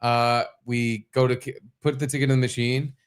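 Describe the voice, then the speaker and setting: A man co-hosting a podcast, chatting casually and telling a story, swearing and acting out quotes in high voices. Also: level tone, moderate pace, clear, resonant tone. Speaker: podcast co-host. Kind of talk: casual chat.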